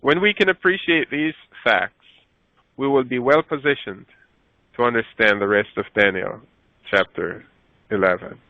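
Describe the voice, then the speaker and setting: A man's voice: moderate pace, pauses often, no echo. Man teaching scripture over a thin phone-like line. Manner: rises in pitch when reading scripture aloud, self-correcting. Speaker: Bible teacher. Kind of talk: scripture lesson with slides. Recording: dry, phone-like narrow sound.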